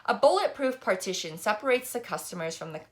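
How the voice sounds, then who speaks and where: A woman's voice: mid-range voice, expressive, brisk, fairly bright tone. A woman reading a novel aloud, narrating expressively in the first person. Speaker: reader.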